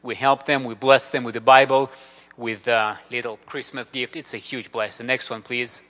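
Male missionary, bright, forceful delivery, earnest and grateful storyteller, long hall reverb. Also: mid-range voice, level tone, moderate pace. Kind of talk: church mission presentation with slides.

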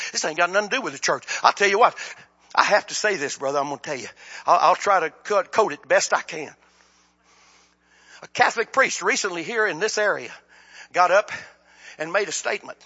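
A man preaching a sermon, swinging from shouted appeals to low, quiet asides. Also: animated, moderate pace, slightly rough, dull audio. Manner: impassioned, rises to shouts then drops low.

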